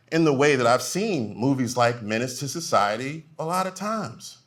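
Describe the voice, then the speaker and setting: A male stand-up comic works a live club crowd from a handheld stage mic. His pitch leaps around constantly as he swings from loud, punchy lines down to low, muttered asides. He sounds mid-range in pitch but never flat. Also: normal speed, few pauses. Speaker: stand-up comedian. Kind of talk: live stand-up comedy set.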